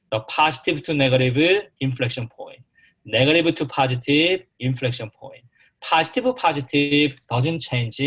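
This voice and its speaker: A man teaching a calculus class, talking slowly and haltingly, repeating himself and putting questions to the students. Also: mid-range voice, a bit bright. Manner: slow, repetitive, halting, asks the class questions. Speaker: math instructor.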